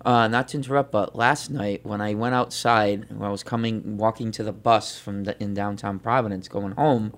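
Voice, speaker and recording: Male radio co-host, deep gravelly voice, rambling and hesitant delivery. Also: steady tone, normal speed, hardly any pauses, fairly bright tone. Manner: rambling, hesitant, many fillers. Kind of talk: casual morning radio chat.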